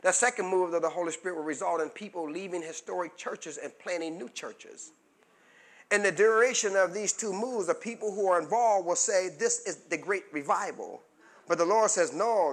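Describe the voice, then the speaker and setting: A pastor with a high voice preaches a sermon, drawing call-and-response replies from his congregation as he builds to fervent shouting.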